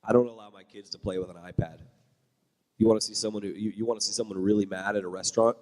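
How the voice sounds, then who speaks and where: A man's voice: fairly low pitch, fairly even intonation, quick pace, a little mellow, big-room sound. A man who is a church leader and parent, talking bluntly and with strong opinions on a panel. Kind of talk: panel talk.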